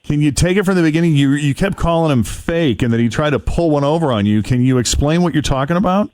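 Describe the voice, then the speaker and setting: Lively male radio host, dry studio. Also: on the high side, fast talker, no room sound. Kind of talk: morning radio banter.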